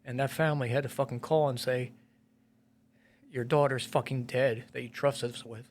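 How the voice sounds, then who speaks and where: Speaking at normal speed with fairly even intonation, the middle-aged firefighter and police officer describes a painful rescue in a podcast interview. His medium-pitched voice comes with a little hiss or hum, and he's blunt and profane, with heavy swearing and fillers.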